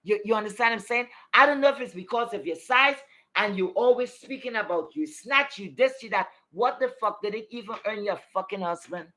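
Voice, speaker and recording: A woman's voice: medium pitch, lively intonation, brisk, sharp tone, low-quality recording. A woman delivering an angry commentary rant, scolding her target directly with profanity, repeated phrases and a stream of rhetorical questions. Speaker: commentary vlogger.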